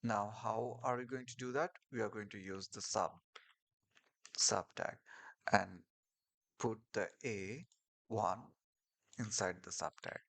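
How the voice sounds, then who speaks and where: A man's voice: on the low side, steady tone, takes it slowly, gravelly, long pauses, fairly bright tone. A man teaching a screen-share coding lesson, explaining step by step with fillers and restarts over keyboard clicks. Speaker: coding tutorial instructor.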